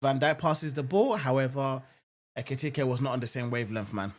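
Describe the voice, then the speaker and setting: A man's voice: mid-range voice, fairly quick. Casual man's live football watchalong. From England. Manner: casual, repeats phrases, lots of "um" and "I'm not gonna lie"; jumps to excited exclamations at near-misses. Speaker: live match watchalong host. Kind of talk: live football commentary and chat reading viewer comments.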